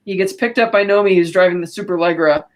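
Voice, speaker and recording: A woman's voice: fairly low pitch, quick pace. A woman co-hosting a podcast, retelling a film's plot casually with many fillers and restarts. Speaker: podcast co-host. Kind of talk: casual film recap.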